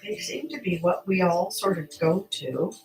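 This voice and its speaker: A woman's voice: lowish voice, normal speed, faint music behind, low-quality recording. A woman, likely older, chatting her way through an art tutorial while hiccuping, rambling and laughing at herself. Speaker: artist. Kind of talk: casual craft tutorial.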